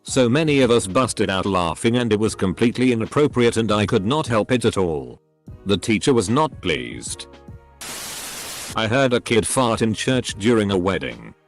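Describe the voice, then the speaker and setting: Low-pitched guy reading stories, lots of up and down in his voice, faint music under it. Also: big pitch swings, normal speed. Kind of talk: scripted story narration.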